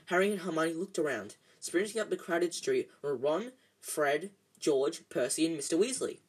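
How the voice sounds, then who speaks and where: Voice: medium pitch, animated, normal speed, slightly rough, low-quality recording. A reader narrating a storybook in an amateur audiobook style, often stumbling and correcting themselves.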